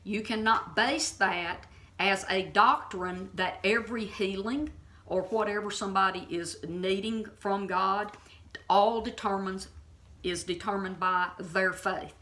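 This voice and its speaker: A woman's voice: mid-range voice, steady tone, measured pace, bright, forceful tone. A woman giving an impassioned, informal Bible teaching. She is blunt and emphatic and keeps checking in with her listeners.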